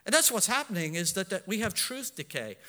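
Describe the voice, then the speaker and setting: A man preaching a sermon in earnest, swinging between soft asides and loud emphatic lines, correcting himself as he goes. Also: sits high, sing-song, fairly quick, in a large hall. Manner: self-correcting, with fillers.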